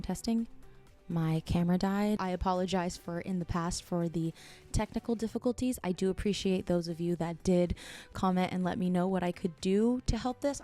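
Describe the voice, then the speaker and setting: A woman's voice: mid-range voice, darkish tone. A woman actress answering viewer questions in an advice vlog, speaking in an earnest, encouraging, direct way.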